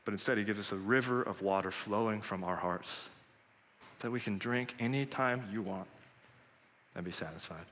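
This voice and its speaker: A man's voice: on the low side, normal speed, a bit bright, in a large hall. A man preaching a sermon in an earnest, direct and conversational way, speaking straight to his listeners.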